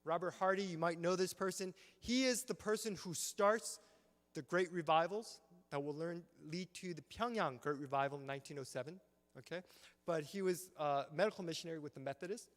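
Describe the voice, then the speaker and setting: A man giving an animated history lecture at a symposium, telling the story with acted-out quotes and frequent check-ins with the audience. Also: a little high, a little fast. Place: church hall. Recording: long reverb of a church hall.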